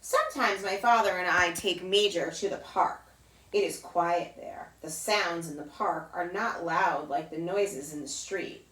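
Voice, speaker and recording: A woman who teaches yoga to children reads a picture book aloud to them, mimicking sounds in a high, playful voice. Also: a little slow, fairly bright tone, recorded from a distance. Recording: roomy echo, voice off-mic.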